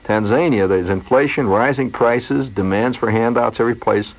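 A man's voice: mid-range voice, normal speed. A man hosting a radio show, rambling through a wry comic monologue full of asides and digressions. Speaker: radio host. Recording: dull lo-fi radio broadcast.

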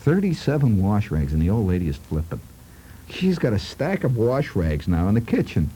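A man's voice: lowish voice, very animated, normal speed, mellow, slight background noise, rough recording. A man telling a humorous childhood story in a rambling, conversational way with asides to his listeners.

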